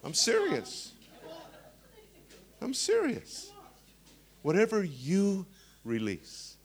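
Animated man preaching a lively sermon. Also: high-pitched, extremely slow. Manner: animated, storytelling, humorous asides.

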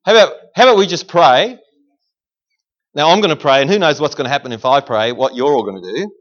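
Fired-up preacher, high voice. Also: male voice, quick pace, lo-fi sound. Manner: energetic call-and-response preaching. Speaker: guest preacher. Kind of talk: sermon. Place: church service.

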